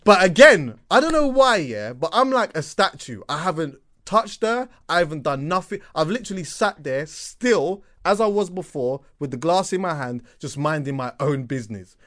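A man telling a long story on a podcast in a lively, animated way, repeating words for effect and checking in with "yeah?". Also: fairly high pitch, normal speed, hardly any pauses. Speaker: podcast co-host. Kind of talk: casual storytelling chat.

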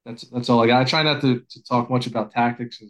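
This volunteer assistant fire chief from Pennsylvania, USA, has a medium-pitched, fairly bright voice with fairly even intonation and a fairly quick pace, captured on a low-quality recording. He chats casually on a podcast, plainspoken and self-deprecating, often restarting his sentences.

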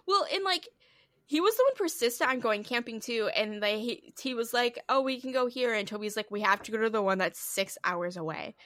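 A woman's voice: fairly high pitch, lively intonation, a little fast, a bit bright, no echo, clean studio sound. A woman co-hosting a podcast, telling a spooky story in a loose, casual way, full of "like"s and swearing. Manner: loose retelling with many "like"s and swearing. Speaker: podcast co-host.

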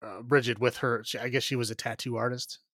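A man recaps a film for a podcast in a loose, rambling way, laughing often and filling pauses with fillers. His pitch sits mid-range, and the close, dry mic gives no room sound. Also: flat delivery, fairly bright tone, no room sound. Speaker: podcast co-host. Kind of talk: casual movie recap chat.

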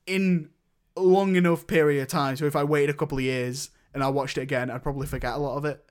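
A man's voice: a little high, fairly even intonation, fast talker. A young man in casual chat, reviewing films with a rambling manner and many restarts. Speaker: podcast co-host reviewing films.

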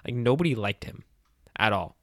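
A young man co-hosting a casual podcast, telling stories with lots of laughter and acted-out bits. His voice is mid-pitched and moves around a lot. It is recorded close and dry. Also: moderate pace, no echo. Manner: animated storyteller, laughs often, acts out voices. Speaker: podcast co-host. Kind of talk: casual chat.

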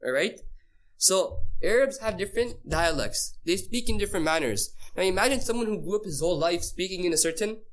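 A man's voice: high voice, expressive, a little fast. A man teaching a casual class, quizzing his listeners and repeating key phrases for emphasis. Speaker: Islamic teacher.

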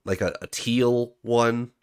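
A man hosting a podcast, explaining points in a relaxed, conversational way. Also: medium pitch, slow, smooth. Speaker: podcast host. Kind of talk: casual book discussion.

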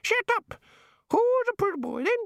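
A man voicing a flock of mimicking budgerigars in a squawking falsetto. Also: sing-song, moderate pace, creaky, fairly bright tone, dry recording, clean studio sound, full character voice. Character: shrieking parrot-like birds, mimicking.

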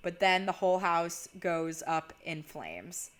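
A woman's voice: lowish voice, sing-song, slow, clean tone. A young woman casually recapping a movie plot, chatty and peppered with "like", swearing freely.

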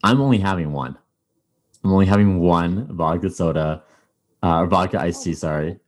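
Speaking at normal speed in a low-pitched, darkish voice, a man hosts a podcast and chats casually. His talk rambles, heavy with fillers and restarts.

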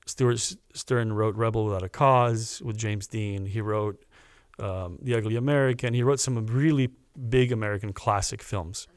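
A man, a podcast guest, telling a personal story in an earnest, animated way and acting out the people he quotes. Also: lowish voice, moderate pace, few pauses, clean tone, no room sound.

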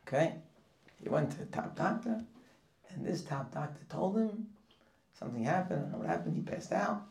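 A man preaching a sermon as a rabbi, telling stories and swinging from hushed asides to loud, emphatic lines. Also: on the high side, expressive, a little fast. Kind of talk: sermon with storytelling.

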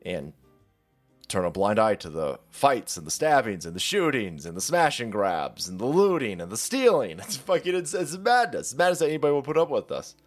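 A man rants through political commentary, swearing freely and dripping with sarcasm. His pitch sits in an ordinary middle range, and faint music plays quietly behind him. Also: big pitch swings, fairly quick. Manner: profane, sarcastic and mocking. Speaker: commentary channel host.

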